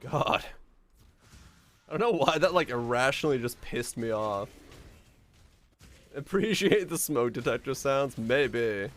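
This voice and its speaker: Guy game streamer ranting and cussing at chat, voice bouncing all over, mid pitch. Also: unhurried, long pauses. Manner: profane, animated ranting with bursts of laughter. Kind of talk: casual live-stream chat.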